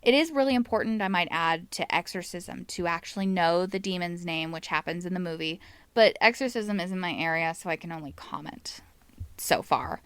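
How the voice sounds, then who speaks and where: A woman's voice: fairly low pitch, normal speed, a bit bright, clear, resonant tone, no room sound. A woman hosting a paranormal podcast, chatting casually about demon lore with wry asides. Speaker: podcast host.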